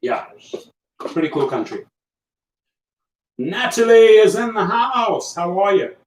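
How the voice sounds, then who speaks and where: A man's voice: high-pitched, big pitch swings, slow pace. Emphatic South African man, echoey room. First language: German. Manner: coaching, emphatic, repeats himself. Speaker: livestream host. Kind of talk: casual livestream chat. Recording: echoey room, far from mic, faint noise.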